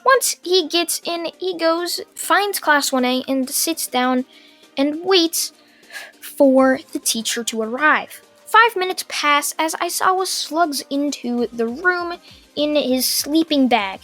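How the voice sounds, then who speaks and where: A young woman narrating a fan-made story casually, in long run-on sentences with filler pauses. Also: sits high, lively intonation, fairly bright tone, faint music behind.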